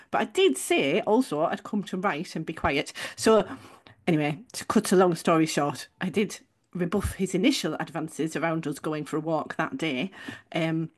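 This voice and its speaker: A woman from England co-hosting a podcast, telling stories in a chatty, rambling way with frequent restarts and self-corrections. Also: medium pitch. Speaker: podcast co-host. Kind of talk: casual chat.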